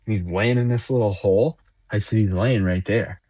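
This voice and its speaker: A man's voice: fairly low pitch, normal speed, dark tone, no room sound. A man, a podcast guest, telling a long hunting story casually, rambling and repeating words as he acts out what others said.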